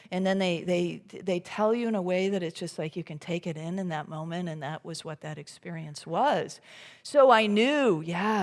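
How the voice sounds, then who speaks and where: A woman giving a conversational sermon at a church service. She talks in a relaxed, chatty way with many fillers and restarts, and acts out her own inner thoughts in quotes. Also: lowish voice. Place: church sanctuary.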